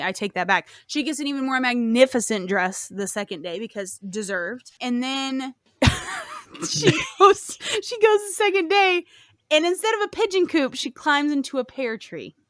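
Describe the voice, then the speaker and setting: Woman host, chatty retelling full of swearing and asides, a little high, dry close sound. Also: fairly bright tone, dry recording. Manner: casual, profane, rambling with fillers. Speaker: podcast host. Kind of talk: casual storytelling.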